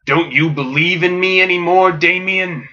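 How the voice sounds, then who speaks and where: A man's voice: high voice, fairly even intonation, normal speed, pushed and bright, lo-fi sound, pitched above the performer's own voice. A man voicing an unstable, arrogant vigilante who speaks boastfully.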